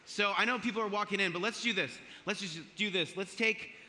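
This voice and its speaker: Speaking in a university chapel whose long hall reverb fills the recording, a man in his forties delivers a playful, conversational talk built on stories and self-directed jokes. His pitch sits high, his pace is fairly quick, and his tone comes across bright and forceful.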